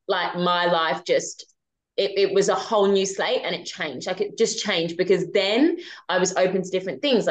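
Rich: A woman with a lowish voice talks through a personal story as a podcast guest. Her delivery is casual and animated, full of fillers and the odd swear word. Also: poor audio.

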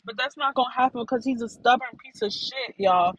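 A woman's voice: a little high, brisk, a bit bright, breathy edge, dry recording, dull audio. A young woman telling a frank story to her listeners in a rambling, casual way.

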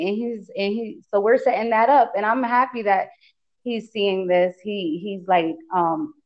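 A woman's voice: mid-range voice, moderate pace, lo-fi sound. A woman from Bridgeport, Connecticut, hosting a casual podcast interview, upbeat and encouraging toward her guest. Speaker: podcast host.

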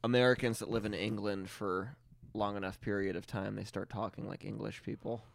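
A man's voice: lowish voice, brisk, creaky, dry recording. A man co-hosting a casual podcast chat, swearing freely and jumping between topics. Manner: animated, swears often, jumps between topics. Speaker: podcast co-host.

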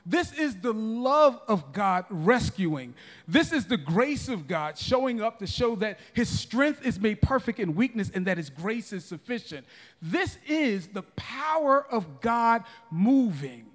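High-voiced preacher in a reverberant hall. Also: male voice, sing-song, unhurried. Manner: emphatic preaching with repeated restarts and audience calls. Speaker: pastor. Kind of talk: sermon. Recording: long reverb of a large hall.

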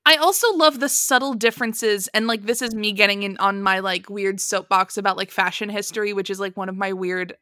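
A woman co-hosting a casual film-review podcast, animated, swearing freely and laughing often. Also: mid-range voice, a little fast, hardly any pauses, no room sound. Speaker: podcast co-host.

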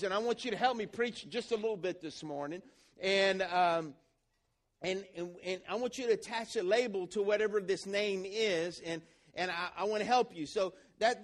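High-voiced man preaching a lively sermon. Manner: rousing, asks the congregation call-and-response questions. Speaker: pastor. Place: church.

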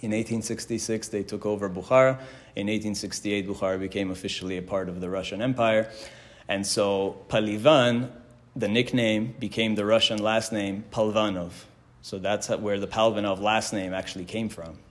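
A man's voice: fairly low pitch, fairly even intonation, normal speed. A man teaching a religious class in a casual, conversational way, telling stories and quoting verses. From Canada. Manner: conversational, chuckles often, quotes Hebrew verses. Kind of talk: casual lecture with storytelling.

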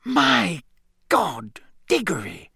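A man's voice: sits high, wildly swooping pitch, extremely slow, gravelly, bright, forceful tone, breathy edge, dry recording, studio quality, voice pushed up, full character voice. A man doing a flustered, pushy official. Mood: aghast. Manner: agitated and insistent. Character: flustered middle-aged male government minister.

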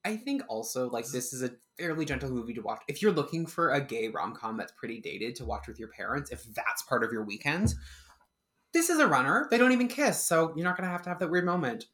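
A man co-hosting a film podcast, recapping and reviewing the movie in a relaxed, dry, casual way. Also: mid-range voice, a little fast. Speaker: podcast co-host.

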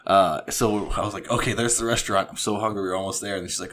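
A man's voice: fairly low pitch, fast talker, a little hiss or hum. A young man from a small Missouri town, telling travel stories in a casual chat, swearing and laughing often. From Mexico, Missouri. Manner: animated storytelling, frequent swearing, laughs.

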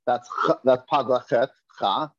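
A man at a middle pitch leads a Hebrew reading class. He patiently drills sounds over and over. The recording is dull and lo-fi. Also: a little slow, fairly bright tone. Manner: patient, repeats and drills pronunciations. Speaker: Hebrew teacher.

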